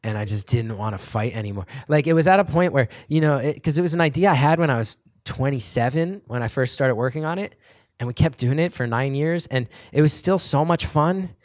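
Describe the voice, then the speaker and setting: A man's voice: mid-range voice, brisk, dry recording. Rambling man at a dry mic. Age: 30s. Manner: rambling, self-deprecating, heavy use of "like". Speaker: comedian answering audience questions. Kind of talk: casual rambling Q&A talk. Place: live venue with an audience.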